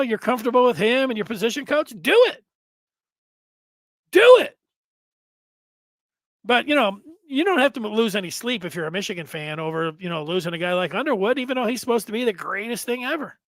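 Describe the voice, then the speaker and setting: A man hosting a sports show, talking through his opinions in a rambling, animated monologue full of self-corrections. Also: extremely high pitch, no room sound. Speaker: sports podcast host. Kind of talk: casual sports commentary monologue.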